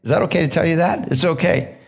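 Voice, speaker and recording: A man pastor preaching a sermon in a church, conversational and relaxed, laughing now and then, with frequent calls of "hallelujah" and "amen?" to the congregation. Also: on the high side, quick pace, gravelly, husky. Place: church sanctuary.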